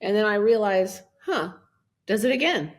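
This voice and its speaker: A woman in her fifties, a guest on a podcast, tells her story at a middle pitch for a woman. She talks with lively energy, acts out the things she once said and laughs often. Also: moderate pace. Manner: animated, acts out her own past words in a raised voice. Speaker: guest, minister and life coach. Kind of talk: personal storytelling in a podcast interview.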